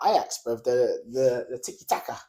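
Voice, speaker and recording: A young man hosting a casual football podcast, animated and laughing often as he talks. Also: mid-range voice, normal speed. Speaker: podcast host.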